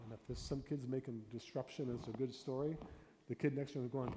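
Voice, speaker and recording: Guy pastor running a storytelling class, loud then hushed, long echo in a big hall, faint hum behind. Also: mid-range voice, normal speed. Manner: animated, swings between loud and hushed delivery. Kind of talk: workshop teaching. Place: church hall. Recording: reverberant hall with faint room noise.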